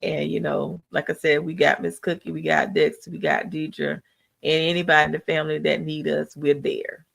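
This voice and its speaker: A woman's voice: sits low, flat delivery, normal speed, gravelly. A woman hosting a live podcast, speaking in an earnest, encouraging, preacherly way, with speech. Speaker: podcast host. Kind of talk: live podcast tribute talk.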